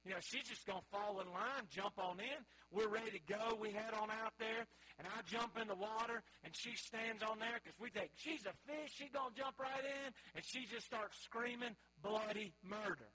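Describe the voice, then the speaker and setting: High, bright-voiced preacher man. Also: normal speed, few pauses, slightly rough, poor audio. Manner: folksy, storytelling, calls out to the congregation. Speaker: pastor. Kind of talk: sermon.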